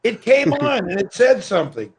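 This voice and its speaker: Brief: adult man, high voice, distracted and grumbling, livestream guest. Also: sing-song, normal speed, a crowd in the background. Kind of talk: casual live-stream chat.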